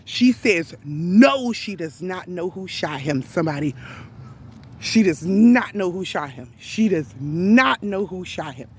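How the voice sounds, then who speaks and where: Slow, emphatic woman retelling a story. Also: on the low side, animated, husky. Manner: deliberate, emphatic, with rhetorical questions. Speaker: storyteller recounting an event to viewers. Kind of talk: casual spoken retelling.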